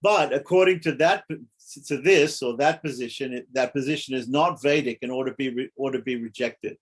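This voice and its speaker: A man's voice: mid-range voice, moderate pace, husky. A man teaching a scripture study class, explaining carefully, repeating points and often checking that listeners follow.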